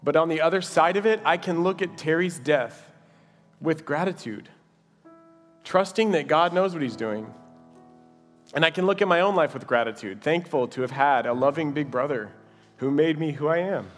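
A man's voice: on the high side, moderate pace. A man preaching an earnest, personal sermon and leading a closing prayer in a church. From Dallas. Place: church sanctuary. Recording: reverberant hall with music behind.

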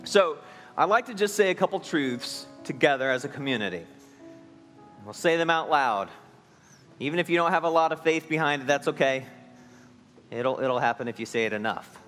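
A pastor delivering a sermon in a fairly high voice, earnest and emphatic at times, quiet at others. The sound carries a long hall reverb. Soft instrumental music sits underneath. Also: male voice, lively intonation, normal speed, pauses often.

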